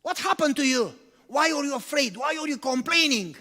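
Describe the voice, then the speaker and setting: Preacher putting on frustrated disciples, indignant questions, raised voice, long reverb. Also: male voice, very high voice, animated, brisk, bright, forceful tone, voice pushed up, full character voice. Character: frustrated male disciples challenging their pastor. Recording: long church-hall reverb.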